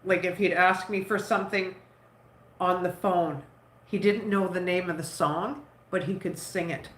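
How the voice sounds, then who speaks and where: Kneading bread dough at home, a stuffy-nosed woman vlogger rambles about her son in a fairly low voice at normal speed. Her talk is chatty and affectionate toward him, full of "like"s, and the audio has a roomy echo.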